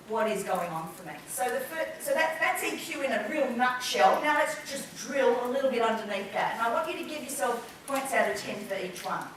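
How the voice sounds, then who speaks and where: A middle-aged woman giving a lively conference presentation, acting out examples for the audience. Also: a little high, slight background noise. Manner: lively, acts out examples in quoted voices. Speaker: conference speaker. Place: conference hall. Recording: echoey hall from a distance.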